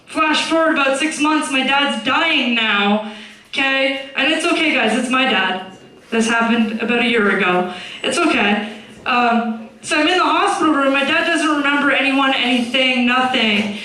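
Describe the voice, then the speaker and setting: A young woman doing a stand-up comedy set, blunt and swearing, deadpan about dark topics. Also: high-pitched, measured pace, heavy reverb, far from the mic, rough recording. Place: comedy club stage.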